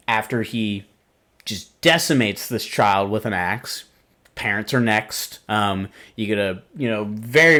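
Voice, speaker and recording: A man's voice: fairly low pitch, a bit bright. A man hosting a podcast, rambling through a casual movie review with lots of fillers, laughs and swearing. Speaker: podcast host.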